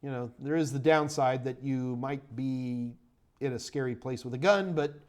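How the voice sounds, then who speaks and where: A man's voice: medium pitch, moderate pace, a little mellow. A middle-aged man hosting a live Q&A stream, rambling and chatty with lots of fillers and sudden bursts of enthusiasm. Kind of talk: casual live-stream Q&A chat.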